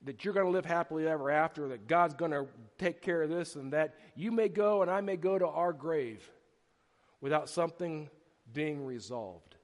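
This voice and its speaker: Middle-aged man, pastor giving a sermon; animated, stumbling restarts, fairly high voice, reverberant church. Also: normal speed. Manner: animated storytelling with repeated restarts. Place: church sanctuary. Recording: long hall reverb.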